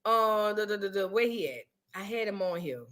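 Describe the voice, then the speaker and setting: A woman's voice: mid-range voice, expressive, normal speed, a bit bright. A woman hosting a blunt, profane reaction commentary, full of mocking impressions. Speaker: commentary host.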